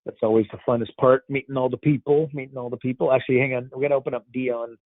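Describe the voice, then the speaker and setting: A man's voice: mid-range voice, steady tone, fast talker, no echo. A man hosting a casual Q&A call, playful and rambling, joking with callers. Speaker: host. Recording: tinny phone-like line, dry.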